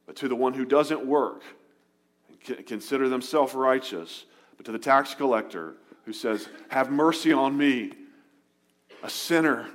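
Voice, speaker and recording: Man, pastor, sermon, lowish voice, earnest, emphatic then hushed. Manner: earnest preaching, drops low and soft on key words, lifts for emphasis.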